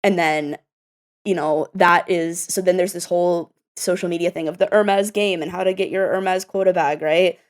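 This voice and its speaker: A woman talks as a podcast guest in a loose, blunt, chatty way, swearing as she goes. Her voice sits a little low for a woman. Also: fairly even intonation, normal speed. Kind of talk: casual podcast chat.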